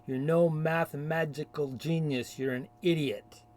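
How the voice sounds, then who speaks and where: A man's voice: on the high side, steady tone, a little slow, darkish tone, a little hiss or hum. A man delivering a combative, insulting rant in a video rebuttal. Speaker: video commentator. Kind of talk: ranting rebuttal.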